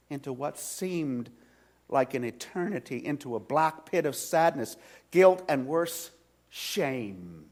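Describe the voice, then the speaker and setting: A male pastor preaching a sermon in a church, retelling a story slowly with dramatic swings from loud to hushed. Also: mid-range voice, lively intonation. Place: church sanctuary.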